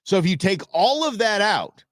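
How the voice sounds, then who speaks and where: A man's voice: high-pitched, sing-song, normal speed, dry recording. A man hosting a live talk show, rambling and sarcastic in casual political commentary. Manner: rambling, sarcastic, restarts often.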